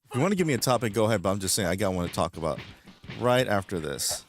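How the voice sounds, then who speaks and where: A man's voice: fairly low pitch, big pitch swings, racing, faint music behind. A man, hosting a livestream and exclaiming and swearing at the game as he plays. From the Bronx, New York. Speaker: livestream host. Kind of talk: live gameplay commentary.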